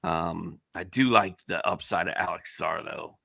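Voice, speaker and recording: Man, co-host, low gravelly voice, bright tone, thinks aloud, casual podcast chat. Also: measured pace. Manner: thinks aloud, weighing both sides.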